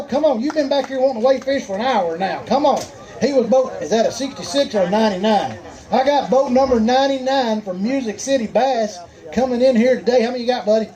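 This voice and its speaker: A man with a Southern US accent calls out weights at a live outdoor fishing weigh-in, his voice pitched very high yet mellow in tone. He keeps up folksy, joking banter with anglers and the crowd, upbeat and easygoing. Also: brisk, poor audio. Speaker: tournament weigh-in emcee.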